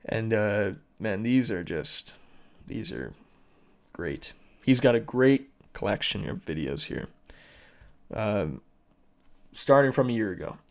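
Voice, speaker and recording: A man's voice: medium pitch, creaky. Guy hosting his own podcast, cussing a ton, acting out a story he saw online. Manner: swears a lot, animated retelling. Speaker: podcast host. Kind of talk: casual solo commentary.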